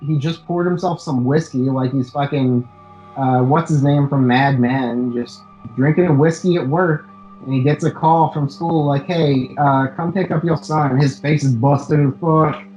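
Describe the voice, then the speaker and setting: A man's voice: fairly high pitch, steady tone, measured pace, darkish tone, lo-fi sound, faint music behind. A man co-hosting a podcast, casually recapping a movie with loose, profane chatter and lots of fillers. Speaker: podcast co-host.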